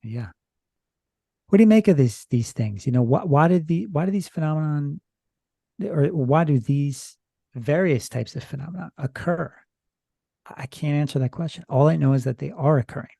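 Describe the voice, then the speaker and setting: A man's voice: on the high side, animated, normal speed, vocal fry, warm tone, slightly rough, dry recording, studio quality. A man who is a podcast guest, retelling a strange experience from his notes in a rambling, hesitant, casual way. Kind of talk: casual storytelling chat.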